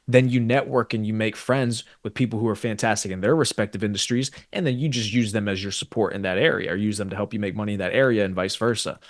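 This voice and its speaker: Fast, fired-up profane man. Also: on the low side, no echo, clean studio sound. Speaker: co-host. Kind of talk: motivational business talk.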